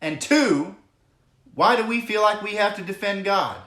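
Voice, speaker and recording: A man's voice: high voice, measured pace, fairly bright tone. A man preaching a sermon as pastor, earnest and emphatic, stretching out key phrases and reading scripture aloud. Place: church hall. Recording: echoey room.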